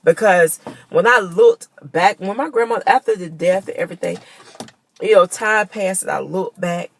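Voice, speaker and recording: A woman's voice: lowish voice, moderate pace, gravelly. A woman giving a personal testimony to her viewers, earnest and emotional, choked up at times and calling them y'all. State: choked up with tears. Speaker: vlogger.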